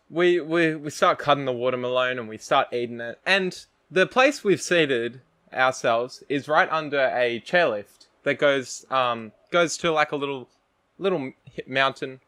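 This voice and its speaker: A young Australian man, a podcast co-host, telling a rambling story among friends in a casual, animated way, with frequent laughs, fillers and restarts. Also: medium pitch, moderate pace.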